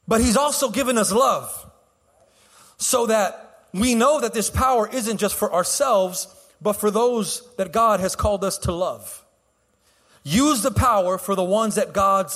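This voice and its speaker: Male pastor, high husky voice, impassioned sermon, swings soft to loud, echoing sanctuary. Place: church sanctuary.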